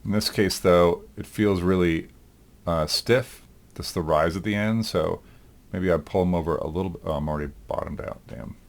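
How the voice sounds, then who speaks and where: A male animation instructor in a recorded lecture, talking through his work aloud in a relaxed way, with frequent ums. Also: low voice, normal speed. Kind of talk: recorded lecture demonstrating software.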